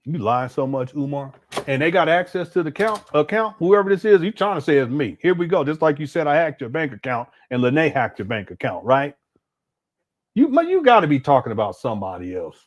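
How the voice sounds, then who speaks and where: A man's voice: on the high side, sing-song, brisk. A man hosting a reaction stream, sarcastic and exasperated as he talks back to a clip. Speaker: commentary streamer. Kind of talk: reaction commentary.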